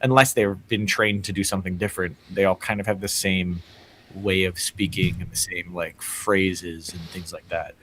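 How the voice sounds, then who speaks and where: A man's voice: low voice, steady tone, moderate pace, a bit bright, a little hiss or hum. A man co-hosting a podcast in casual chat, easygoing and full of "like" fillers. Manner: easygoing, heavy use of "like" fillers.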